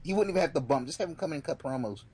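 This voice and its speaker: A man's voice: a little high, expressive, rapid-fire, darkish tone, slight background noise. A man co-hosting a podcast in casual chat, joking crudely and laughing readily. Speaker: podcast co-host. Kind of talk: casual movie review chat.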